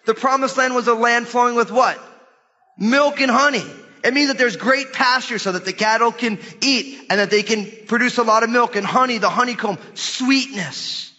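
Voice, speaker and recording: A middle-aged man preaching a sermon in a church, lively and questioning his congregation. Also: extremely high pitch, moderate pace. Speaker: pastor. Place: church hall. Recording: dull sermon recording in a large hall.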